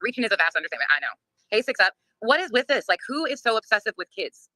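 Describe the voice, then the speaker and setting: A woman's voice: fairly high pitch, big pitch swings, rapid-fire, bright, forceful tone, no echo, studio quality. A woman hosting a livestream, ranting in a blunt, profane, laughing way while reading chat. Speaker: livestream host. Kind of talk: casual livestream rant.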